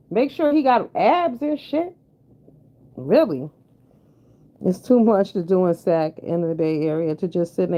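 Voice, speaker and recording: A woman giving blunt, sassy, profane commentary in casual chat with her viewers. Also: medium pitch. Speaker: commentary vlogger. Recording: dull lo-fi sound.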